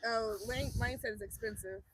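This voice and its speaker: A woman's voice: on the high side, fairly even intonation, moderate pace, a bit bright, low-quality recording. A woman co-hosting a homestead video, chatting casually and reading out viewer comments. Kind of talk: casual chat.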